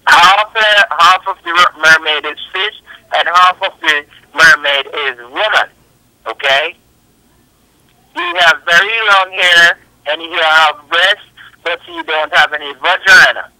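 A man on a recorded phone call who talks haltingly and keeps repeating himself to insist on his point. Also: fairly high pitch, bright, forceful tone, dry recording. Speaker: phone scammer.

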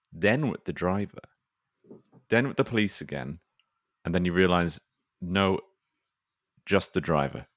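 A man's voice: low-pitched, no echo, studio quality. A man co-hosting a comedy podcast, talking in a laid-back, wry way. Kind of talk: casual comedy chat.

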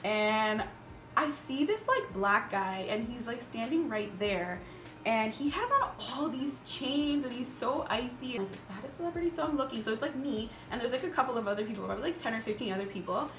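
A woman in her twenties, a beauty vlogger chatting casually while doing her makeup, telling stories in an animated way with lots of fillers. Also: fairly high pitch, brisk. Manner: animated storytelling, filler-heavy. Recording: roomy echo with background music.

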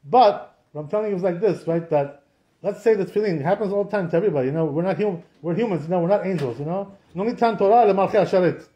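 A man's voice: sits high, fast talker, dark tone, muffled recording. A man, a rabbi, giving an informal class on Jewish law, chatty and full of rhetorical questions, with Hebrew terms mixed in. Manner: conversational, asks many rhetorical questions; mixes in Hebrew and Aramaic terms.

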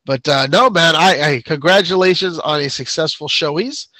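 A man's voice: fairly high pitch, normal speed, bright, forceful tone, no room sound. A man co-hosting a show, chatting casually, rambling and laughing often. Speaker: podcast co-host. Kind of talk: casual chat.

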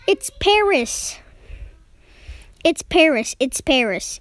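High squeaky young woman playing a geo game, slow talker, gets excited, dry room. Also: no room sound. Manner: excited, talks to herself while guessing. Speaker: game player. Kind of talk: casual gameplay commentary.

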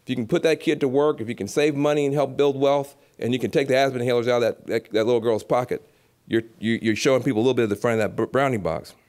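A man giving a lively public speech at a gala, animated and preacherly, acting out voices and repeating phrases for emphasis. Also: medium pitch, quick pace. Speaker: keynote speaker at an awards gala.

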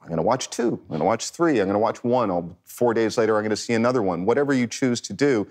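Low-voiced man explaining at length. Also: lively intonation, quick pace, darkish tone. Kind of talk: panel discussion.

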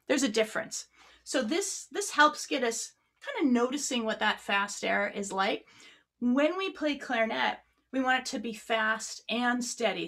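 A woman with a slightly high voice teaches an online clarinet workshop. She explains breathing and tone in a friendly, practical way. She demonstrates as she talks, sitting a few feet from her microphone. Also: fairly bright tone. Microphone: a few feet from the mic.

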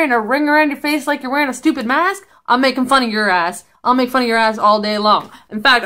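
A woman's voice: sits high, fairly bright tone. A woman vlogging at home in casual commentary, blunt, profane and sarcastic. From Canada.

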